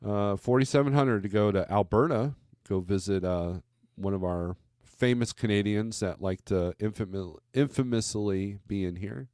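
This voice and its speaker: A man's voice: fairly low pitch, moderate pace, darkish tone, clear, resonant tone, no room sound, studio quality. A man hosting a casual livestream as a trucker, rambling through freight loads, reading viewer comments aloud and tossing in wry asides.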